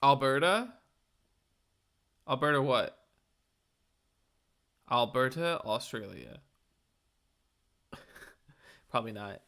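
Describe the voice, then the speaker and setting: A man's voice: medium pitch, expressive, slow pace, gravelly, long pauses, fairly bright tone. A man co-hosting a TV aftershow in casual chat, rambling through jokey tangents. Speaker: aftershow co-host.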